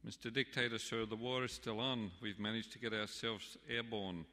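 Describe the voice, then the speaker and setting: A man voicing a cheeky Irish pub regular with a folksy, excitable manner, heard with the long reverb of a church. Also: lowish voice, moderate pace. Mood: jaunty.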